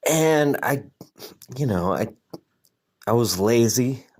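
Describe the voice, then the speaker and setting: Alone on his podcast, a man rambles through a casual monologue, swearing and poking fun at himself. He speaks slowly in an animated, medium-pitched voice with a slightly mellow tone.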